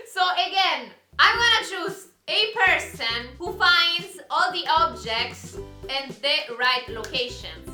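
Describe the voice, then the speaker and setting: A bright, bubbly young woman with an Italian accent talks to her viewers, her high voice bouncing up and down with excitement. She sounds bright and clear, and the room around her adds an echo under soft music. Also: takes it slowly, hardly any pauses. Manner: bubbly, eager, often asks "okay?". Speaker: vlogger. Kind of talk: excited vlog explaining a party game.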